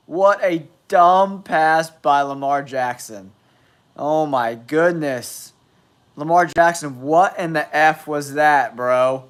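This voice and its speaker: A man with a nasal voice from a cold, hosting a live football stream with blunt, exasperated commentary. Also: medium pitch. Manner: blunt, exasperated trash talk. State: has a cold.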